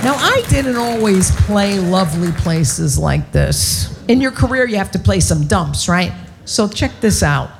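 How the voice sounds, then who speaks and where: A woman's voice: mid-range voice, animated, measured pace, gravelly, a crowd in the background, noisy background. A woman performing a stand-up comedy set, brash, profane and self-mocking.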